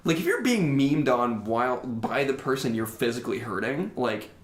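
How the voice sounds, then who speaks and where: A young man co-hosting a podcast, telling high school stories in a casual, animated way and mimicking people in high voices. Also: normal speed. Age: young adult. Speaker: podcast co-host. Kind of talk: casual storytelling chat. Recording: roomy echo.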